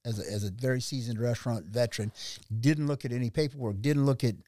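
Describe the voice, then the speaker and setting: A middle-aged man, a restaurant owner who tells his story in an animated way and acts out the voices of other people. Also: mid-range voice, quick pace, no echo. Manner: animated, acts out quoted dialogue. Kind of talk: conversational storytelling.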